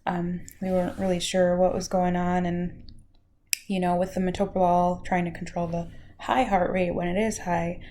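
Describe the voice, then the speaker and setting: A woman, telling her own health story in an emotional, halting way, close to tears and sometimes dropping to a soft near-whisper. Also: fairly low pitch, level tone, a little hiss or hum. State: tearful. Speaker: vlogger sharing her health journey. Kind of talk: emotional personal vlog.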